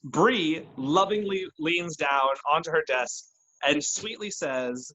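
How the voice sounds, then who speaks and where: A man's voice: on the high side, slow, pushed and bright, poor audio. A man running a tabletop role-playing game, narrating and chatting casually with his players. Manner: casual, chatty, with restarts and laughs. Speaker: game master.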